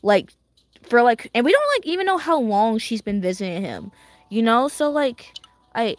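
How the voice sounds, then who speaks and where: A woman chatting casually while playing a game, rambling with lots of "like" and quick restarts, often giggling. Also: a little high, sing-song, dry recording. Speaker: gaming video creator.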